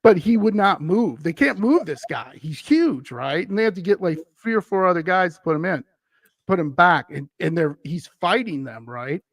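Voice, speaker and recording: Gravelly-voiced man telling a ghost story. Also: sits high, animated, moderate pace, no echo, clean studio sound. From Wisconsin, USA. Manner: rambling with frequent "uh" and chuckles. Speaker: guest, paranormal podcast host. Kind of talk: casual storytelling.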